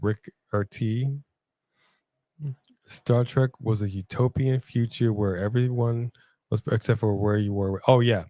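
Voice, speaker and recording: A man's voice: fairly low pitch, fairly even intonation, a little slow, mellow, no room sound. A man co-hosting a casual live stream, reading viewer comments and laughing often. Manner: laid-back, laughs often, repeats phrases. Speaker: co-host of a wrestling watch-along stream.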